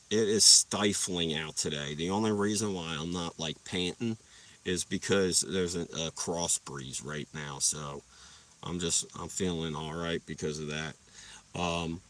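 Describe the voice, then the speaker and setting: Sitting in his parked car during a casual storytelling livestream, a young man tells rambling, profane stories and laughs at his own jokes. His voice is low-pitched with a fairly bright tone, captured by a distant mic.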